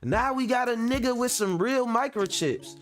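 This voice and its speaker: A man's voice: very high-pitched, normal speed, faint music behind. A young man hosting a reaction show, joking loosely and profanely as he comments on a clip. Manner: profane, animated, laughing and joking.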